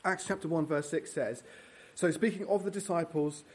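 A man's voice: fairly high pitch, normal speed, darkish tone. A man preaching a sermon in a church, earnest and teaching verse by verse with fillers and restarts.

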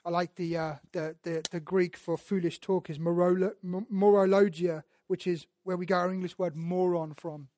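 A man preaching a sermon and teaching through Bible verses, speaking earnestly, often repeating words as he restarts, and building to loud emphatic passages. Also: high-pitched, steady tone, moderate pace, hardly any pauses, dry recording. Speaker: pastor.

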